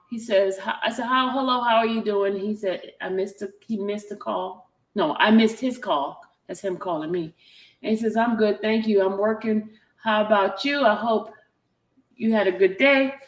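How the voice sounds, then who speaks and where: A woman hosting a casual chat, reading out a text exchange and often breaking off with "hold on". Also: mid-range voice. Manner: chatty, animated, keeps breaking off with "hold on". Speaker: commentary channel host. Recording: roomy echo.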